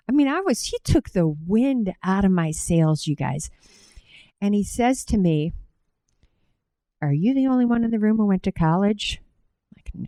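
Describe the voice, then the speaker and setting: A middle-aged woman with a Cleveland accent speaks at a conference, telling a story in a lively way and turning often to the crowd. Her voice sits at an ordinary pitch for a woman and is recorded dry and close. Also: measured pace, long pauses, no room sound, poor audio. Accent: Cleveland, Ohio. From Cleveland, Ohio. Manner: animated storytelling, direct address to audience. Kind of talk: conference talk with personal story.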